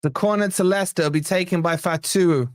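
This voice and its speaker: A high-pitched man calls a football match live for his fan channel, excitable and chatty. His voice sounds a little strained, and the dry, close sound leaves no room echo. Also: a little fast. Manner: chatty, excitable play-by-play with asides to chat. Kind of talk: live match watch-along commentary.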